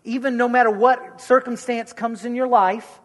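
A man's voice: extremely high pitch, steady tone, moderate pace, big-room sound. A man answering listeners' questions in a sermon, reassuring them and repeating key phrases. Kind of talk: conversational preaching.

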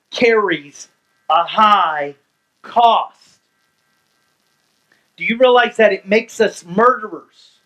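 A man preaching a sermon as pastor, swinging between hushed lines and loud ones and asking the congregation questions. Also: high voice, animated, slow pace, pauses often, low-quality recording.

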